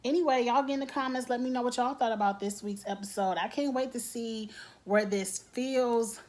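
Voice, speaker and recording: A woman's voice: on the high side, moderate pace, a little mellow. A woman giving a casual, blunt TV episode recap, acting out characters' lines with lots of slang. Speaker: TV recap vlogger.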